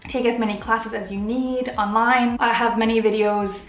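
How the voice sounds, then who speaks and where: A woman's voice: fairly high pitch, little pitch movement, normal speed, echoey room. A woman YouTuber answering viewer questions in a casual, earnest way, getting emotional as she talks. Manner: open, earnest, gets emotional. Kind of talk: casual Q and A vlog.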